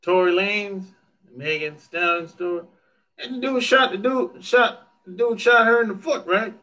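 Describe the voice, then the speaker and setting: A man's voice: high-pitched, moderate pace, bright, forceful tone. A man chatting casually on a livestream, joking, swearing freely and laughing often as he answers viewer comments. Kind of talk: casual chat.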